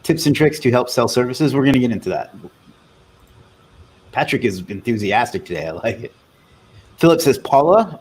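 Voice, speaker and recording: A man's voice: medium pitch, darkish tone, slight background noise. A man hosting a casual live Q&A, reading viewer comments aloud in a loose, chatty way. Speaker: livestream host.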